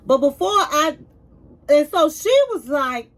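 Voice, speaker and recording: A woman with a high voice tells a reality show's drama as a casual recap. She calls her audience honey and piles up emphatic repeats when she reacts. Her storytelling is animated. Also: slow. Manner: chatty storytelling, acts out quotes, calls viewers honey.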